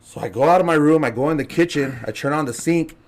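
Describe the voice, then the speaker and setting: A man telling a story as a podcast guest, casual and animated, laughing and acting out other people's lines. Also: fairly high pitch, quick pace. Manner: animated, laughing, acts out quotes.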